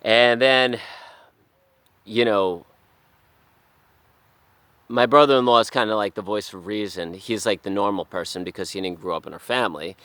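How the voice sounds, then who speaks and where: Deep voiced guy swearing a lot, rambly, tense forceful tone, sometimes goes to a whisper. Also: no room sound. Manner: profane, rambling, restarts, drops to hushed whispers. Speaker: vlogger. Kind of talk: casual monologue.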